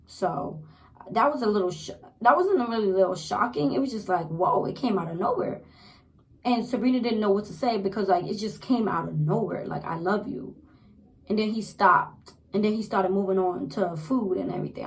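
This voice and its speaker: A young woman casually recapping a TV episode, chatty and animated, repeating herself as she goes. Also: mid-range voice, fairly quick, rough recording. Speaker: TV show reviewer.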